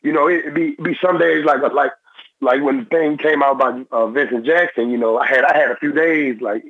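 Young man, former football player, husky voice, dry tinny phone sound, halting and repetitive. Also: medium pitch, steady tone, no room sound. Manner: halting and repetitive, restarts phrases. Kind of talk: phone-in interview.

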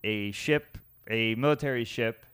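A man's voice: mid-range voice, a little slow, a bit bright, clear, resonant tone. A man in his thirties chatting casually on a podcast, rambling through a joke. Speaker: podcast host. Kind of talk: casual chat.

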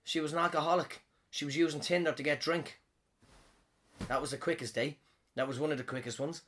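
A man's voice: on the high side, fairly even intonation, brisk, fairly bright tone. A man who performs comedy, telling a rambling story in a casual way. He swears a lot and often trails off and restarts. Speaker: comedian and podcast host.

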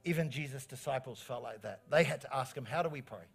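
A middle-aged man, preaching a sermon as pastor in an animated, encouraging way, repeating phrases for emphasis. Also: mid-range voice, quick pace, vocal fry, husky. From New Zealand.

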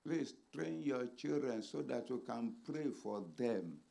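A man preaching a sermon as a pastor, swinging dramatically between shouted lines and hushed ones. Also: mid-range voice, lively intonation, a little slow, vocal fry.

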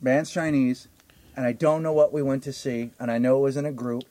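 A man hosting a casual podcast chat, excitable and laughing often, swearing freely as he tells stories. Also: mid-range voice, brisk. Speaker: podcast host.

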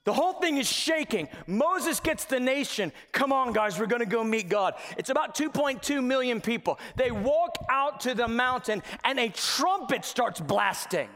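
A man preaching a sermon as pastor, telling a Bible story with animated delivery and acted-out voices and shouts. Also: very high-pitched, moderate pace, few pauses, big-room sound. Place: church sanctuary.

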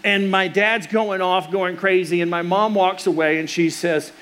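High-voiced man preaching a sermon. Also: fairly even intonation, normal speed, a bit bright. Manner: storytelling, earnest, with restarts and fillers. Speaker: pastor.

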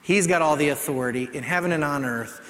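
A man preaching a sermon in a conversational style, often dropping to a soft, hushed voice to make a point. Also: a little high, fast talker. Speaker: pastor. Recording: long reverb of a large hall.

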